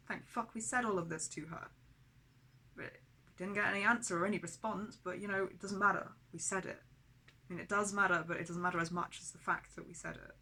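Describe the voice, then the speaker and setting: A woman's voice: mid-range voice, steady tone, a little fast, sharp tone. A woman in an emotional personal vlog who talks angrily, swears heavily and speaks of herself as "we". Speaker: vlogger.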